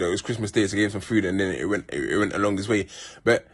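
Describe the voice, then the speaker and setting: A man's voice: lowish voice, very fast, a little hiss or hum. A man from South London with a South London accent, telling rambling, heartfelt stories in a casual monologue full of street slang and restarts. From Peckham, South London. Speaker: vlogger.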